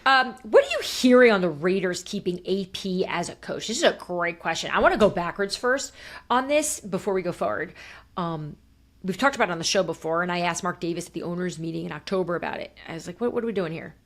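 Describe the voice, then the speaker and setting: A woman's voice: fairly low pitch, expressive, a little fast. A woman co-hosting a casual sports podcast, reading listener questions aloud and chatting with asides.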